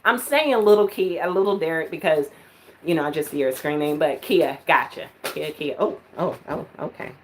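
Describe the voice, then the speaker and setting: A woman's voice: low-pitched, normal speed, slight background noise. A woman giving live-stream psychic readings, chatty and full of filler words, at times laughing. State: out of breath. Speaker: psychic reader.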